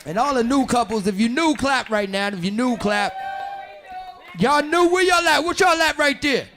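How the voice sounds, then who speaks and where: A man doing stand-up comedy, loud and animated, talking with the audience and putting on voices for characters. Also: very high voice, normal speed, soft background music, some chatter behind. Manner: talks with the audience, asks them questions. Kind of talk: stand-up crowd work. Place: comedy club stage. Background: audience laughing.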